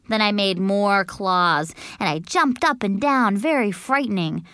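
A woman reading a children's book aloud as a childlike, expressive first-person narrator. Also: mid-range voice, a little slow, hardly any pauses, clear, resonant tone, no echo, studio quality. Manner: bouncy, childlike and expressive, with shrieks. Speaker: audiobook narrator.

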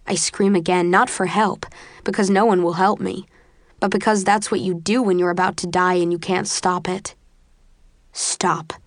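A woman reading a first-person novel aloud, slow and dramatic. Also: lowish voice, no room sound, clean studio sound. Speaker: audiobook narrator. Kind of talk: first-person scripted narration.

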